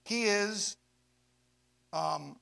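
A man preaching a sermon to young adults, swinging from hushed asides to loud, drawn-out emphasis. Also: high voice, gravelly. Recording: long hall reverb.

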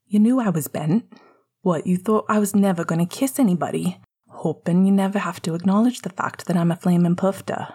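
A woman's voice: on the low side, fairly quick, mellow, slightly rough. Cold, cutting teenage boy wizard, read by a woman. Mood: cold angry. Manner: cold, clipped, hissing. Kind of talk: audiobook reading of fan fiction.

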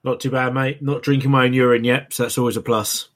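A British man chats easily at a middle pitch. He talks in a laid-back, hesitant way with lots of fillers. The sound is a remote call recording. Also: level tone, fast, fairly bright tone. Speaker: podcast guest host. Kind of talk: casual chat.

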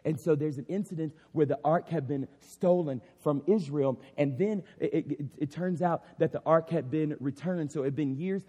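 A man preaches an impassioned sermon, his voice fairly high yet dark and husky. He keeps circling back on his words. A long reverb from a large church hall trails every phrase. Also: moderate pace, few pauses. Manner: impassioned, repeats "I mean" and "literally". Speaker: pastor.

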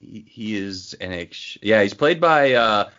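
A man chats about a film in a wry, joking way, sometimes hesitating mid-sentence. His voice sits on the low side. The recording sounds a bit dull and lo-fi. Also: lively intonation, unhurried, sharp tone. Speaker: podcast co-host. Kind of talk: casual movie discussion.

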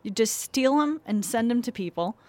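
A woman's voice: fairly high pitch, animated, moderate pace, a little mellow, no room sound. A woman co-hosting an advice podcast in frank, chatty casual talk, laughing easily. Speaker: podcast co-host giving advice. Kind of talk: casual chat.

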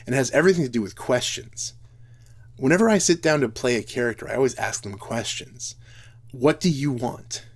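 Man, middle-pitched, earnest reflective speaker, frequent restarts. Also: lively intonation, fast. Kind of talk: earnest talk on role-play and Bible reading.

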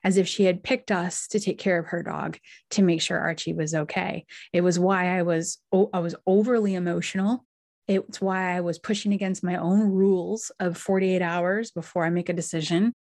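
A woman podcast host and medium telling a personal story in a heartfelt, emotional way, with pauses and restarts. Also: on the low side, fairly even intonation, darkish tone, dry recording, clean studio sound.

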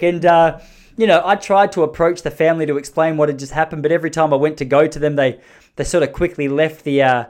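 A man's voice: on the high side, fairly quick. A man in his thirties with an Australian accent, telling a funny personal story in a rambling, self-correcting way with sheepish asides. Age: 30s. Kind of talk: casual comic storytelling.

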